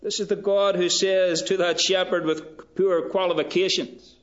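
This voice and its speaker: A man preaching a sermon in a slow, measured way, rising in pitch and force for emphasis. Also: steady tone. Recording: dull lo-fi recording.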